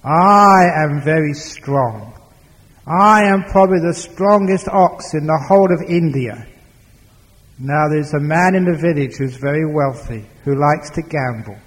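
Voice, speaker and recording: A man's voice: a little high, unhurried, natural voice. A man voicing a clever, patient male ox in a told folk tale. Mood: confident. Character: clever gentle strong male ox. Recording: long hall reverb.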